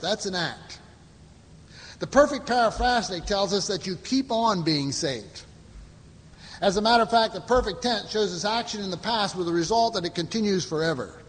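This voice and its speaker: A man with a high voice leads a Bible study, reading verses and explaining them in a plain, unhurried way. He stops often for fillers and restarts. The sound carries a long reverb, as in a large hall. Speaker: Bible teacher.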